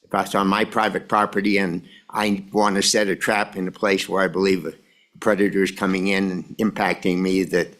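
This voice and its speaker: Deep-voiced man testifying formally. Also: flat delivery, fairly bright tone. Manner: measured, formal, addresses the chair. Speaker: industry representative testifying. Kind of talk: committee testimony.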